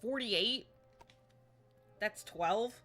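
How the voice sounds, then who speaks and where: A woman streaming a game live, chatting excitedly and rambling to herself as she plays. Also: mid-range voice, very slow, faint music behind.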